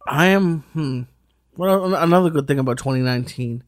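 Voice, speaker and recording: A young adult man co-hosting a podcast, talking casually in a hesitant, halting way. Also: fairly high pitch, no echo, clean studio sound. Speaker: podcast co-host. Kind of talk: casual chat.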